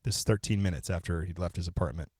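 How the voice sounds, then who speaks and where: A male podcast co-host casually walks through a true-crime story step by step, relaxed and swearing now and then. His voice sits low and he talks fast, recorded with studio quality and no echo.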